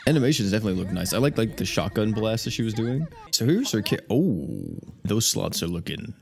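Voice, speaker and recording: A young man giving casual, animated commentary on a mobile game update, thinking aloud and laughing now and then. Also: fairly low pitch, fairly quick, vocal fry. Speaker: gaming YouTuber.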